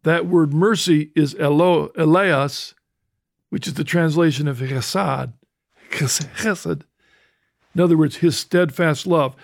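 Man, an older host with a gravelly voice, explaining scripture. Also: on the high side, dry recording, studio quality. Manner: thoughtful, explains with restarts and quotes scripture slowly. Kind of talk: conversational teaching talk.

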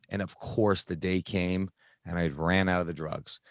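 A man earnestly telling a personal recovery story in conversation, halting, with many restarts and fillers. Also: low-pitched, fairly even intonation, no echo, clean studio sound. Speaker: guest sharing recovery story.

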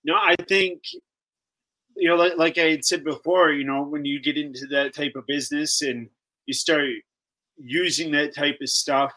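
A man talks as a guest on a live show, stopping and restarting his sentences as he works his thoughts out. His voice sits high, bright and forward. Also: steady tone, poor audio. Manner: halting, repeats words, flustered. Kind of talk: live talk show discussion.

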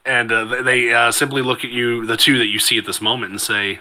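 A man narrating as the game master of a tabletop fantasy game, in a wordy, theatrical style with frequent pauses. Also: medium pitch, level tone, pushed and bright.

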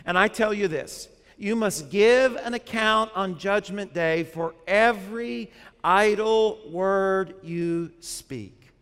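A man's voice: sits high, slow, fairly bright tone, clear, resonant tone, in a large hall. A man, a pastor, preaching a sermon in a conversational way, often putting questions to the congregation.

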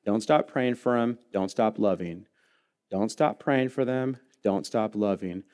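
A man's voice: lowish voice, unhurried, a little mellow. A man in his thirties, a pastor preaching a sermon in a church, telling a personal story with humor and earnest feeling. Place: church sanctuary.

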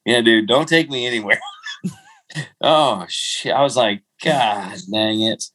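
A man's voice: mid-range voice, slow pace, a bit bright, low-quality recording. A middle-aged man hosting a podcast, rambling through casual stories and laughing at himself. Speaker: podcast host. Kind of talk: casual storytelling chat.

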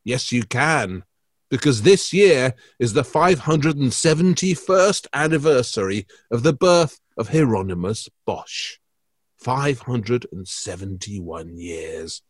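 A man's voice: medium pitch, expressive, slow pace, breathy edge, dry recording. Guy hosting an art podcast, jokey and theatrical, dry close mic. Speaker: podcast co-host. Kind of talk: casual chat.

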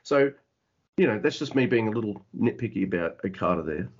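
A man's voice: on the low side, expressive, fairly quick, slightly rough. Ranting man on a muffled podcast. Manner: ranting, profane, self-mocking. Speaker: podcast host. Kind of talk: casual chat.

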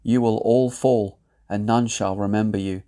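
A man, solemnly reading out a prophetic word in a measured, grave, declamatory way. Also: fairly low pitch, steady tone, mellow. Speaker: lay prophet.

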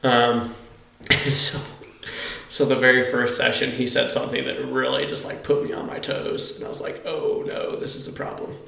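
A man co-hosting a casual podcast. He tells lively stories and acts out the people in them loudly. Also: medium pitch, normal speed, gravelly. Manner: animated storyteller, acts out quotes loudly. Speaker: podcast co-host, youth pastor. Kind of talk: casual chat, storytelling. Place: church basement. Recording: echoey basement room.

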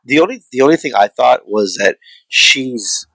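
A man in a casual chat about a film, talking in a rambling, profane, animated way. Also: mid-range voice, normal speed, creaky, breathy edge, no room sound, rough recording. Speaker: podcast co-host reviewing a film.

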